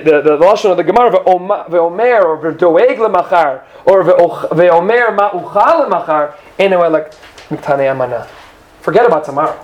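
Leading a Torah class for women, this man speaks in a voice that sits high. His delivery is lively; he performs the voices of quoted speakers and keeps checking in with the audience.

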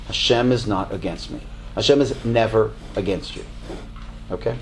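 A man's voice: on the low side, moderate pace, gravelly, a little hiss or hum. A man in his sixties, a rabbi answering audience questions in a conversational, joking way, with Hebrew terms mixed in. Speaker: rabbi teaching a class.

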